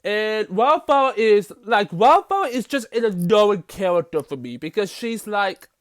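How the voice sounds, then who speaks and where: A man's voice: sits high, lively intonation, unhurried, fairly bright tone, dry recording, clean studio sound. A man reviewing a TV episode, recapping the plot in a rambling way with many fillers and restarts.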